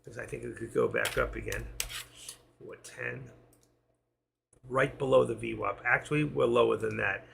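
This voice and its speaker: Male streamer, very gravelly and bright-toned, reading prices aloud at a trading desk with faint noise behind. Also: medium pitch, steady tone, moderate pace, pauses often. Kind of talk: live trading commentary.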